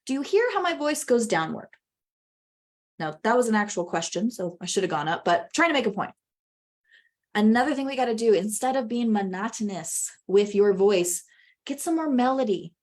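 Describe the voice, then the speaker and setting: A woman presenting a webinar on public speaking, talking in an animated way and swinging her pitch widely for emphasis. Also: a little fast.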